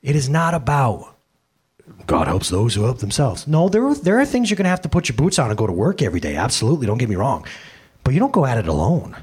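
Holding a microphone, this thirty-something pastor delivers an animated sermon at a quick pace in a mid-range, slightly rough voice. Loud bursts give way to quiet asides, and he performs the voices of those he quotes.

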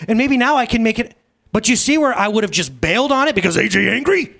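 A pastor in his thirties delivers a loose, funny sermon during a church service, spinning stories with lots of animation and jokes and tossing asides to the congregation. His voice is high-pitched with vocal fry, and he talks fairly quickly.

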